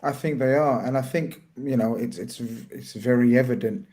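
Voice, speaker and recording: This is the host of a casual live stream, a man with a warm, mid-range voice. He reads viewer messages out loud in a halting way and then asks his guests about them.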